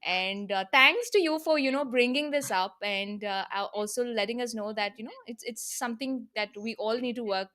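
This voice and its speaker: A woman's voice: on the high side, normal speed, few pauses, a bit bright. Polite, agreeable woman host. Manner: agreeable, polite, many fillers like "you know". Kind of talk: casual interview conversation.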